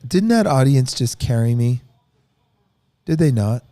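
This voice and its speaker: A man's voice: medium pitch, animated, a little slow, dark tone, no echo. A man in a band chatting casually backstage, playful and joking, his voice weakened after a night of coughing. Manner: playful, slips into a posh clipped accent for jokes. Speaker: band member. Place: backstage room.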